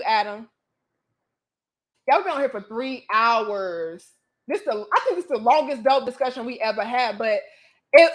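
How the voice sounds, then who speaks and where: A woman's voice: a little high, fairly bright tone. A woman hosting a casual livestream chat, talking emphatically with slang and frequent swearing. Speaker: livestream host.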